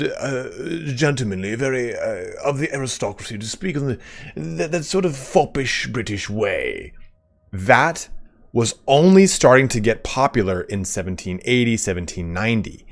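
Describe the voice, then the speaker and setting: A man from California with a General American accent, chatting casually with his livestream chat while he plays and rambles. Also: fairly low pitch. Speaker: gaming streamer.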